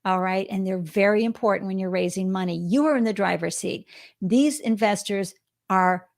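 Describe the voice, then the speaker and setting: A woman's voice: mid-range voice, gravelly, a little mellow. A woman hosting a podcast, chatting casually and speaking directly to her listeners. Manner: chatty, reacting with quick interjections and advice to listeners. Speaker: podcast host. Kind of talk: casual interview chat.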